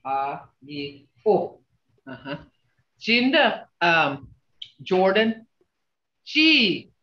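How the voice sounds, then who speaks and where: A man teaching a language class over a video call, slowly repeating words to show how tone changes meaning. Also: sits high, very animated, bright, forceful tone. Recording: roomy, dull video call audio.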